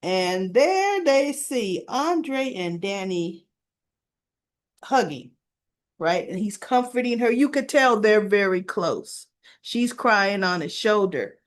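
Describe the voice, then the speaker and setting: A woman's voice: medium pitch, animated, slow. A woman casually retelling soap opera scenes to her viewers, chatty and informal. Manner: chatty storytelling, retelling scenes with quoted dialogue. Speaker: soap opera recap vlogger. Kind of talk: casual spoken episode recap.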